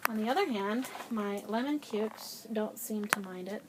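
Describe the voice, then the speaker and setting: A woman giving a casual tour of her small backyard greenhouse, chatty and proud, with soft whispered asides. She is a little out of breath. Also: medium pitch, normal speed, noisy background. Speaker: home gardener giving a tour.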